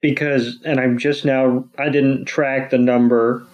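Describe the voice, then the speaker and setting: A man co-hosting a podcast in relaxed casual chat, swearing now and then. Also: mid-range voice, unhurried, poor audio. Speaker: podcast co-host.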